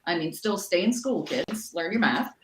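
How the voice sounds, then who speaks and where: A woman from Canada, a broadcaster and announcer, chatting as an interview guest and acting out quoted lines in lively voices. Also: lowish voice, normal speed, roomy sound. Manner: animated, acts out quotes in other voices. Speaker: guest, sports announcer and weather anchor. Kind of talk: casual interview storytelling.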